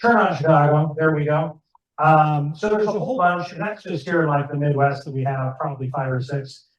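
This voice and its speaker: Guy rambling to a club crowd, voice a bit high, sounds far off in a big echoey room. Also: fairly quick, highs cut off. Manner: chatty, rambling, asks the room questions. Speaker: club demonstrator giving a talk. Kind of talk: casual club talk to an audience.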